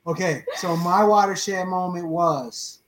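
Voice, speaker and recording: A woman's voice: on the low side, takes it slowly. A woman co-hosting a casual talk show, playful and mock-dramatic in her teasing.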